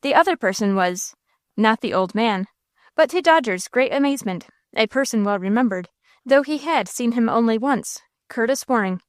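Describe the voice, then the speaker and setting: A woman reading a classic novel aloud as an audiobook narrator, in a steady, clear manner. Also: fairly high pitch, moderate pace, no echo, clean studio sound. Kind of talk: scripted narration.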